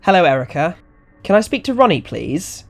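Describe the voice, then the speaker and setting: A man's voice: high-pitched, big pitch swings, moderate pace, gravelly, soft background music, pitched above the performer's own voice, exaggerated voice. A man voicing a young male photographer who talks in a tense, raised, insistent way.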